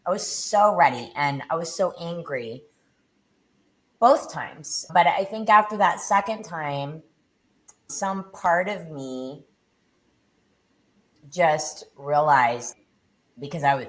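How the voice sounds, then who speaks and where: A middle-aged woman, a podcast guest, telling her personal story with intensity and frequent swearing. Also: a bit bright. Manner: intense, swearing, low and deliberate.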